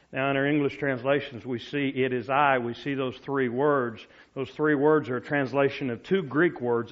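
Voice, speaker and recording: A male preacher delivering a storytelling sermon, dropping to soft, low tones for quoted words. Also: steady tone, normal speed, few pauses, muffled recording.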